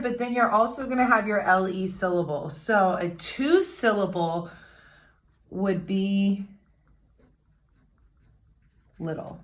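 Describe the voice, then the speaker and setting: A young woman teacher giving a recorded lesson, patiently explaining step by step and sounding out words slowly. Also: medium pitch, a bit bright. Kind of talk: recorded remote classroom lesson.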